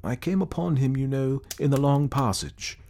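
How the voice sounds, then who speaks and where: A man voicing an earnest, reflective gentleman who sincerely recounts meeting a ghost, in an audiobook reading. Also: medium pitch, moderate pace, vocal fry, a little hiss or hum, voice pushed up, close to an everyday voice. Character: earnest gentleman telling his ghost encounter. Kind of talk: audiobook character voice.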